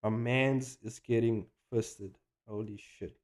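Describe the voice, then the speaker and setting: A man chatting casually on a live stream while he animates, excitable and hyping himself up, swearing freely, rambling with restarts and slang. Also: on the low side, slow pace. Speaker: animator streaming his work.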